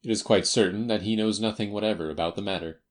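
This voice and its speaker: A man doing a brisk, sharp-minded detective. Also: lowish voice, natural voice. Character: sharp, brisk male detective, self-assured.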